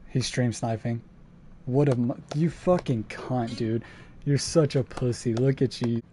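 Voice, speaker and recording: A man's voice: medium pitch, a little slow, mellow, slight background noise. A man streaming a survival game, chatting casually and swearing, flipping between laid-back and exasperated. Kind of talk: casual gaming stream commentary.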